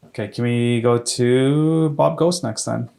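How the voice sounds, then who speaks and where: A man's voice: mid-range voice, gravelly, warm tone. A man running a tabletop game as game master, losing his voice and talking with many restarts. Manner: halting, full of restarts and fillers. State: losing his voice, clearing his throat.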